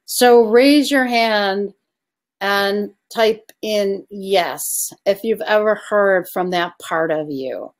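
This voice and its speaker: A woman success coach giving an online coaching presentation, asking her audience questions and inviting replies in the chat. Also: mid-range voice.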